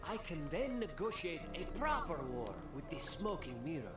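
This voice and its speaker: Fantasy game quest-giver. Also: female voice, low-pitched, very animated, normal speed. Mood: urgent. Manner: urgent, conspiratorial quest briefing. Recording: roomy game audio from a distance, over music.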